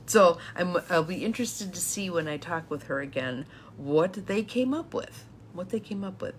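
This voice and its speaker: A woman with a somewhat low voice talks through a live-streamed coaching session. She is chatty and laughs often as she speaks to her viewers. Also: lively intonation, moderate pace, hardly any pauses, a little hiss or hum. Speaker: empowerment coach.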